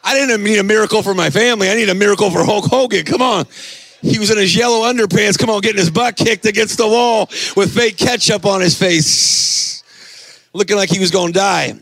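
A middle-aged male pastor preaching a sermon, telling animated stories and shouting at the high points. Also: normal speed, dry recording. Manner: animated storytelling, shouting at peaks.

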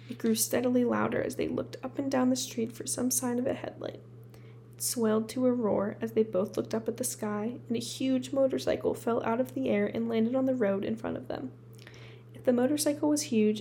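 Warm, gravelly woman reading aloud. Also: on the high side, a little hiss or hum. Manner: steady reading with occasional restarts. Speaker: audiobook reader. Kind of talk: storybook read-aloud.

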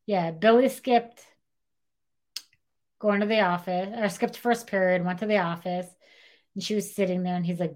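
A woman's voice: on the low side, moderate pace, long pauses. A young woman hosting a podcast, retelling a true-crime story in a casual chatty way and acting out the quoted lines. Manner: animated, acts out quotes in dialogue, says "like" a lot. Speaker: podcast co-host.

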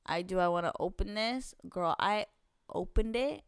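A woman's voice: medium pitch, normal speed, clean tone, dry recording, studio quality. A young woman co-hosting a podcast, telling a story in casual chat, swearing and laughing often. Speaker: podcast co-host.

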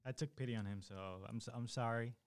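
A young man fires off dry, sarcastic asides at a fast clip. His voice comes across close and dry, with no echo behind it. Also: medium pitch, steady tone. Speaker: comedy podcast co-host. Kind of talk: casual improvised comedy chat.

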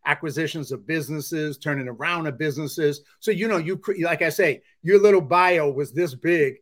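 A male podcast host with a calm, easygoing delivery, chatting and telling stories. His voice sits a little high for a man. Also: moderate pace. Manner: calm, conversational storyteller. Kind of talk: casual interview talk.

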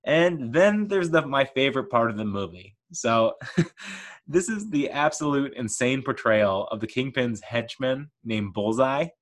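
A man's voice: mid-range voice, expressive, unhurried. A man hosting a podcast, giving an enthusiastic, casual film rant with frequent laughter and playful mock voices. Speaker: podcast host reviewing a film.

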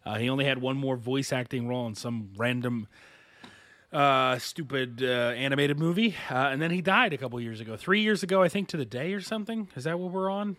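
A man's voice: mid-range voice, brisk, a bit bright, dry recording. A man co-hosting a casual movie podcast, joking around and laughing often with mock exasperation. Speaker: podcast host.

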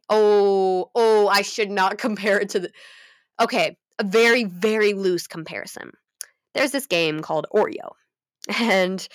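Young woman, mid-pitched, chatty and animated, swears freely, dry close sound. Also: no echo. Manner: animated and profane, with many fillers and laughs. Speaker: fan fiction recapper. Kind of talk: casual chat.

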